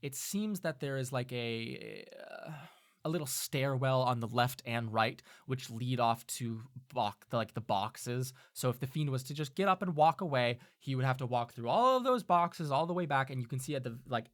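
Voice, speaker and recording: A man's voice: medium pitch, moderate pace. A man running a tabletop game as game master, narrating scenes loosely with many fillers.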